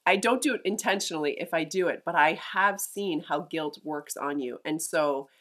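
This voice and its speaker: Lower-voiced middle-aged mother, reflective. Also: moderate pace, a bit bright. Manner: reflective, restarts with repeated words. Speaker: mother and podcast co-host. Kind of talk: casual chat.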